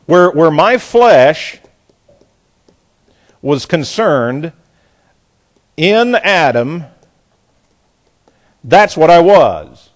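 Middle-aged guy teaching bible study, kinda high voice, emphatic, repeats himself a lot. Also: very animated. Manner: deliberate, emphatic, repeats words while thinking.

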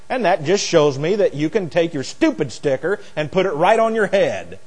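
A man's voice: fairly high pitch, animated, moderate pace, hardly any pauses, darkish tone, husky. Man teaching scripture in a reverberant hall. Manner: spells out words letter by letter, mocking asides. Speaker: preacher. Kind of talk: Bible teaching lecture.

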